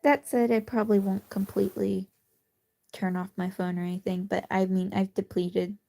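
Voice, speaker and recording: A woman chatting casually on a late-night phone livestream from her bed, rambling and self-deprecating, sometimes dropping to a soft whisper. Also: medium pitch, flat delivery, moderate pace, creaky. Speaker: streamer. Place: cozy bedroom at night.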